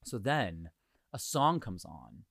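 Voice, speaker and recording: Animated young man telling stories. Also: on the low side, takes it slowly, gravelly, breathy edge, dry recording, studio quality. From Hawaii. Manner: animated, profane, jokey. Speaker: podcast host. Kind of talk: casual storytelling podcast.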